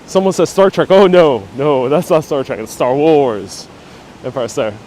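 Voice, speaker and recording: A man's voice: a little high, normal speed, a little mellow, a little hiss or hum. Chatty man hosting a live walking tour. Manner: chatty, reacts to viewer comments. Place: outdoors on city streets. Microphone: wireless lapel mic.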